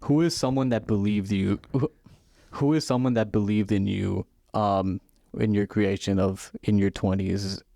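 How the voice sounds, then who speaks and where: Male podcast interviewer, low and gravelly, relaxed question-asker, dry close mic. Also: a little slow, no room sound. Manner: easygoing, asks open questions. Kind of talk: casual podcast chat.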